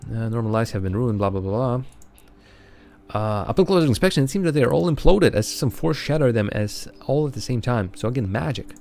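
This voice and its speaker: A man's voice: mid-range voice, expressive, fast talker, vocal fry, hardly any pauses, darkish tone. A young man streaming a game live, reading its text aloud in a rambling, chuckly way full of fillers.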